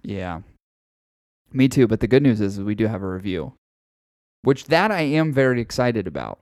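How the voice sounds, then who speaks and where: A man's voice: lowish voice, sing-song, moderate pace, a little mellow, no echo, studio quality. A man hosting a casual podcast, rambling and swearing freely and often breaking into laughter. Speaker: podcast host.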